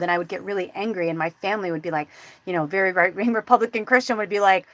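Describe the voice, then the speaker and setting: A woman in her forties hosting a spiritual show, talking casually and acting out quoted dialogue in a chatty, animated way. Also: mid-range voice, quick pace, no room sound. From United States. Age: 40s. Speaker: spiritual medium host. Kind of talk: casual livestream chat.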